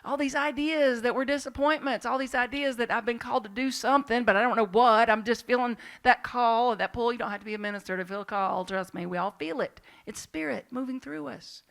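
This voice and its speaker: A woman minister with a Southern accent preaching a sermon and telling personal stories in a lively, chatty way, with asides to the congregation. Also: on the high side, brisk, gravelly, hardly any pauses. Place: church sanctuary.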